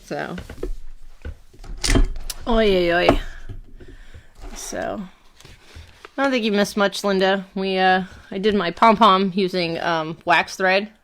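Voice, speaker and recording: A woman's voice: mid-range voice, slow, long pauses, a bit bright, a little hiss or hum. A woman in her thirties with a Brooklyn accent, chatting on a live stream at home, rambling, laughing often and swearing casually. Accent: Brooklyn New York. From Brooklyn, New York.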